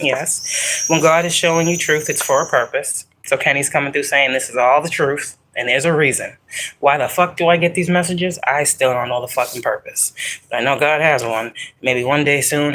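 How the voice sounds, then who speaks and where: A woman's voice: extremely low pitch, fairly bright tone, a little hiss or hum, low-quality recording. A woman doing a psychic tarot reading for her viewers in a casual, rambling way, swearing often and pressing her points hard. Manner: profane, rambling, emphatic.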